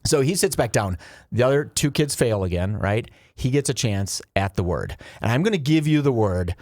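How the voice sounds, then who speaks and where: A man hosting a podcast, telling an animated story in casual chat and acting out quotes. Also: mid-range voice, moderate pace, no room sound, studio quality. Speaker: podcast host.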